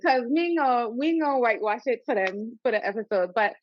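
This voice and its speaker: Bubbly woman, dull audio. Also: fairly high pitch. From U.S. Virgin Islands. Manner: bubbly, excitable, quick. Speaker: guest midwife. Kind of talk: casual podcast chat.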